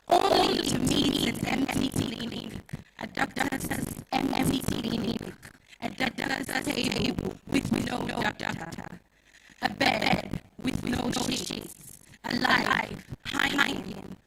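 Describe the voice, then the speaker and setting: A woman performing spoken word poetry at an event, reciting slowly and dramatically. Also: medium pitch, vocal fry. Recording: loud noisy event recording.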